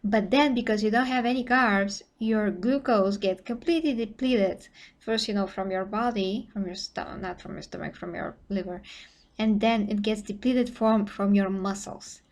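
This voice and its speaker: A young Bulgarian woman with a Bulgarian accent chats casually with viewers on a live stream, rambling and full of "you know" fillers. Her mid-range voice moves at a moderate pace and grows tired from long talking.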